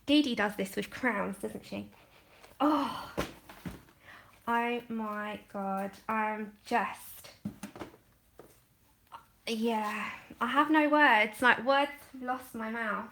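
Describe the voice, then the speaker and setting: A woman chats through a livestream unboxing in a high, bright voice. She gushes and laughs, trails off mid-sentence and drags her words out slowly. A faint hiss of background noise sits under her voice, caught by a camera set back from her desk. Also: vocal fry. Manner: gushing, excitable, laughs often and trails off. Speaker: colouring channel host. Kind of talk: casual livestream chat while unboxing.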